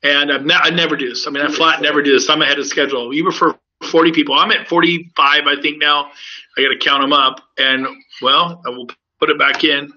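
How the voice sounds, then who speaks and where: A man's voice: a little high, little pitch movement, a little fast, sharp tone. A man, a real estate broker, giving an upbeat, persuasive sales presentation to recruits in a webinar. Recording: dull lo-fi audio.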